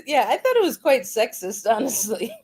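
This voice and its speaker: Woman guest, higher voice, very animated storyteller. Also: moderate pace, husky. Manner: animated storytelling with laughs and restarts. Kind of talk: casual interview chat.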